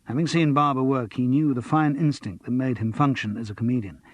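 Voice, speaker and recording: Husky man narrating an audiobook. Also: mid-range voice, brisk, no room sound. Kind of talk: scripted narration.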